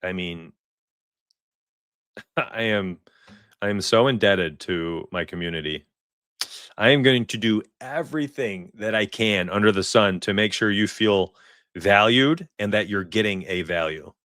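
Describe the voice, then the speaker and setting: A man in his forties hosting a sports betting livestream, chatting casually and excitably with viewers and laughing often. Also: fairly low pitch, unhurried, pauses often, no room sound, clean studio sound. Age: 40s.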